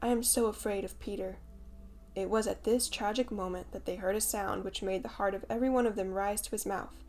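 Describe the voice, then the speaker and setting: A woman narrating a classic children's storybook in a measured, expressive reading. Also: mid-range voice, slight background noise. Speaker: audiobook narrator.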